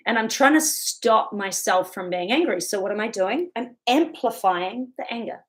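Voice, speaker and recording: A woman's voice: mid-range voice, animated, normal speed. A woman giving a chatty motivational talk, laughing often as she goes. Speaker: self-help speaker.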